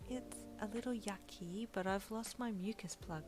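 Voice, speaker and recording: A woman voicing an exhausted young woman in labour, quiet and strained. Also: mid-range voice, moderate pace, faint music behind, natural voice.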